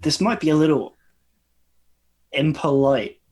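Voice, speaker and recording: A man's voice: a little high, unhurried, a little mellow. A man speaking in character as a sorcerer in a tabletop game, hesitant and overly polite, with frequent stammers. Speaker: player.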